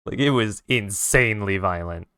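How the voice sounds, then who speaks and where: Profane, animated male streamer. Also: fairly low pitch, moderate pace, smooth, dry recording, studio quality. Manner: animated, profane retelling with sound effects. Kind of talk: casual storytelling while drawing on stream.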